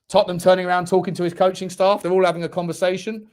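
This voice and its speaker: High-voiced excitable football fan host. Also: male voice, rapid-fire. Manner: excitable, shouts at big moments, swears; talks to viewers directly. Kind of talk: live football watchalong commentary.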